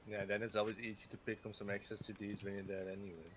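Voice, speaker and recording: A fast-talking man with a fairly low voice hosts a game stream, chatting casually while he plays. He rambles, restarting often and hedging with fillers, against a steady background noise.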